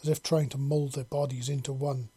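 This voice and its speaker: A man narrating a story in a steady, unhurried reading. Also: mid-range voice, husky.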